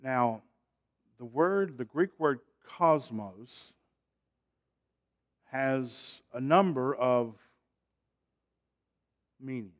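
A medium-pitched male preacher delivers a sermon that swings between loud, emphatic calls and quiet, drawn-out phrases, asking the congregation to respond.

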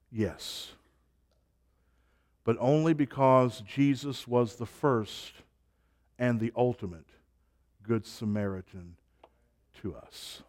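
Slow, measured man preaching. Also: mid-range voice. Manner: slow, rhythmic preaching with repeated phrases and soft trailing endings. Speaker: pastor. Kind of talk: sermon and closing prayer.

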